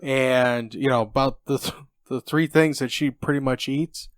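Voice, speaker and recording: Relaxed male co-host, dry close sound. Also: medium pitch, a little slow, no echo. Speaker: podcast co-host. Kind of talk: casual chat.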